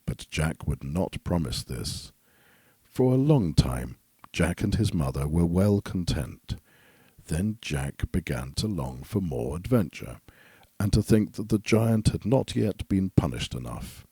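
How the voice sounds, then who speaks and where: A male storyteller reads a fairy tale in a very low, dark voice. The tone is husky. The recording is dry and close. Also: sing-song, unhurried, dry recording. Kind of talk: storybook narration.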